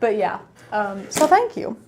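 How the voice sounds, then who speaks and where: A woman's voice: medium pitch, sing-song, unhurried, a little mellow. A woman with an East Tennessee accent hosting a live craft tutorial, chatty and upbeat, talking straight to her viewers. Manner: chatty, upbeat, keeps addressing viewers as guys.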